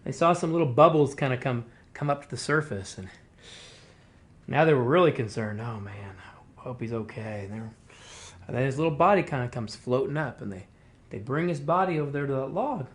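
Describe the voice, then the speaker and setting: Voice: mid-range voice, lively intonation, fairly quick. A storyteller from a tribal language department, casually telling a traditional tale in a folksy, conversational way and acting out the characters' lines. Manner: folksy and conversational, full of "kinda" and "you know"; acts out the animals' quoted talk.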